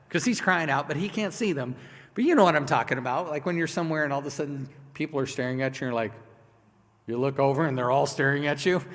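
A pastor preaches with fervor, dropping to a hush and then rising to loud, urgent lines. His voice sits a little high for a man. The sermon rings out in a large sanctuary with long reverb. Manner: impassioned preaching, swinging from hushed to loud.

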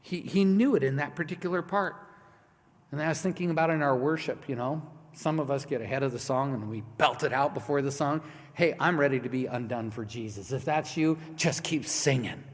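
A man preaching a sermon as pastor, swinging from hushed, quiet lines to loud, passionate ones. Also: a little high, a little fast. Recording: long reverb of a large hall.

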